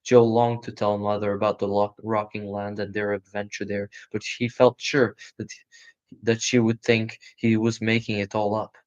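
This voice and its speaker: A man giving a live reading of a children's storybook in a calm, steady voice. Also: fairly low pitch, normal speed. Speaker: storybook reader. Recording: muffled lo-fi recording.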